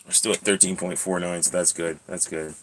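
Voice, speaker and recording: A man hosting a casual vlog, relaxed, laughing often and talking to his cats. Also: low-pitched, brisk, slight background noise. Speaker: channel host.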